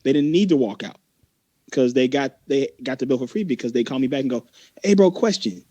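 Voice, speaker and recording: A man telling a story in a casual podcast chat, animated and mimicking the people in it. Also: medium pitch, quick pace, no echo, muffled recording.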